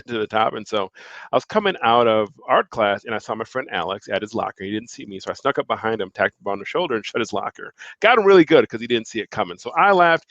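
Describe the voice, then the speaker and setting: A middle-aged man from Milwaukee telling a personal story as a guest, animated and quoting others as he speaks. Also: medium pitch, dry recording, lo-fi sound. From Milwaukee, Wisconsin, USA. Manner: animated storyteller, acts out quoted remarks, laughs between phrases. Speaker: guest, education leader and author. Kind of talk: conversational storytelling.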